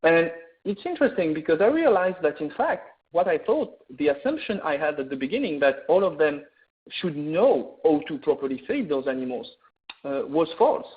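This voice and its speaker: A middle-aged Frenchman with a French accent and a slightly high, sing-song voice gives a veterinary webinar lecture. He is earnest, frequently pausing on "uh" and restarting his sentences. The audio comes through a video call or webinar mic and sounds tinny and phone-like.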